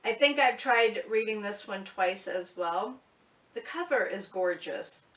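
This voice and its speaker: A woman's voice: mid-range voice, lively intonation, measured pace, a bit bright. A woman talking casually in a book vlog, chatty and blunt, poking fun at herself. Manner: chatty, blunt, self-mocking. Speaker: booktuber. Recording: echoey room, mic at a distance.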